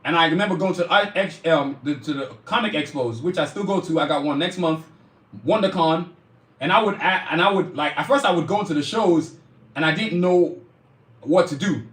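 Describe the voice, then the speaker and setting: A man's voice: fairly high pitch, a little fast, echoey room. A man who creates his own animation series, talking casually and bluntly to his phone camera as he shows off his merchandise. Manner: blunt, emphatic, says "y'all" and "you know what I'm saying".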